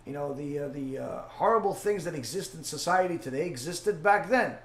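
Halting man teaching in an echoey room. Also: fairly high pitch, expressive. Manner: halting, many fillers, repeats key phrases. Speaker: rabbi teacher. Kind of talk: Torah class Q&A.

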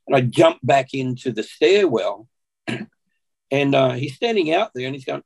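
An Australian man speaks as a podcast guest, telling a personal story in earnest. His voice is gravelly and husky. He keeps an unhurried pace and clears his throat often. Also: medium pitch, lively intonation, low-quality recording.

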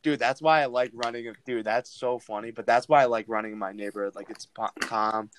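A young man, co-hosting a casual podcast chat as an animated, slangy storyteller who leans on "dude" and "like". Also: mid-range voice, a little fast, slight background noise. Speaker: podcast co-host.

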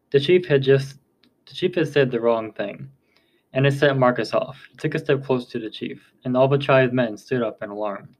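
Male audiobook narrator, steady, mid-pitched. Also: moderate pace, dull audio. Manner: steady reading with occasional slips. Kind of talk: scripted storybook narration.

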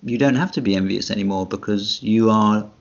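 A man with a low, gravelly voice chats on a podcast, stumbling through fillers with a dry, self-mocking wit. The sound is dull and lo-fi. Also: fairly quick. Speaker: podcast co-host. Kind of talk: casual chat.

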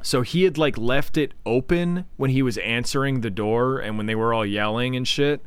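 A man co-hosting a podcast, rambling sarcastically through a movie recap and shouting characters' lines now and then. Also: mid-range voice, normal speed, smooth, no echo. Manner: rambling, sarcastic, mimics characters in loud bursts. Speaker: podcast co-host. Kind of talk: casual movie review chat.

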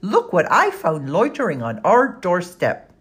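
A woman reading an audiobook voices a brisk, wry young woman who takes charge, in a husky voice. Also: lowish voice, huge pitch swings, pitched above the performer's own voice, exaggerated voice. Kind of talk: audiobook character voice.

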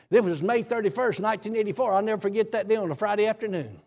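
A male preacher giving a sermon testimony as animated, folksy storytelling that bursts into shouts. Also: high voice, quick pace, long reverb tail.

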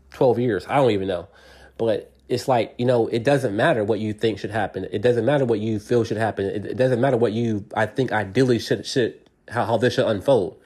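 A middle-aged man talks through listener advice on his podcast in a loose, unscripted monologue. His voice sits a little low, and he circles his points with frequent restarts and repeated words. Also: warm tone, breathy edge. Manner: earnest, rambling, many repeated words and restarts. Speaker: podcast host.

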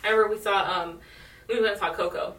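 A young woman co-hosting a podcast in casual, animated chat, often laughing. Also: medium pitch, very fast. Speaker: podcast co-host. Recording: roomy echo, mic at a distance.

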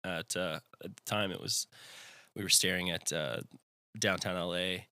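A man's voice: low voice, fairly even intonation, moderate pace, bright, forceful tone, clear, resonant tone, no echo, clean studio sound. A young man in his twenties telling a personal faith story in conversation, rambling with lots of fillers. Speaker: guest.

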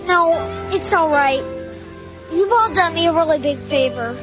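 Timid young boy, hesitant and wounded,, slow and very high. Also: lively intonation, highs cut off, music in the background. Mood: hurt.

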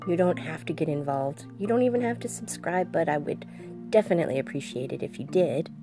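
A woman hosting a podcast reads a story aloud in a gentle, relaxed way. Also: sits low, fairly quick, music in the background. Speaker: podcast host reading a story. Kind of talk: storybook narration.

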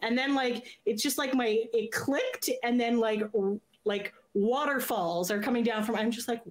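A woman from Canada in her thirties, telling lively fan stories in a casual chat and laughing often. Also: on the high side, normal speed. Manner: animated storyteller, laughs often. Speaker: guest fan.

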